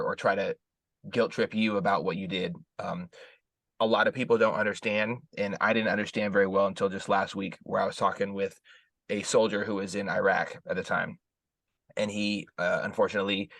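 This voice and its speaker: A man hosting a podcast interview, speaking gently and reassuringly, often repeating words as he searches for them. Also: lowish voice, no echo. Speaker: podcast host. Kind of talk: interview conversation.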